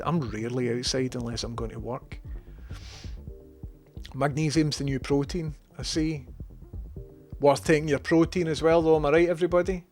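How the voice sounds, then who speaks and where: A man's voice: fairly high pitch, a little mellow. A Scottish man casually chatting on his livestream, reading out chat messages with a slight cold in his voice. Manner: chatty, swears casually, reads chat aloud. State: has a cold.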